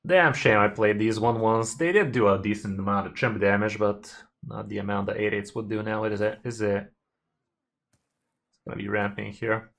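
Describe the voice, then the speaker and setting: Male streamer, low-ish pitch; easygoing, chatty gameplay talk, a bit of casual swearing. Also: steady tone, normal speed, creaky, a bit bright. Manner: laid-back, chatty with viewers, mild swearing.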